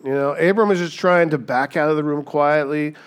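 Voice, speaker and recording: Lively man preaching, asks "right?" a lot. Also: a little high, brisk, clear, resonant tone. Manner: lively, acts out quoted voices, keeps asking "right?". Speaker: pastor. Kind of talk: sermon.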